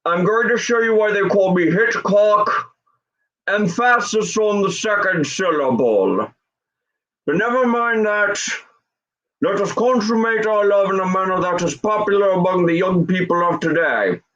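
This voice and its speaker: A man putting on the voice of a suave old-school horror film director, speaking in a slow, ominous, formal drawl, with dull lo-fi sound. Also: high-pitched, fairly bright tone, recorded from a distance.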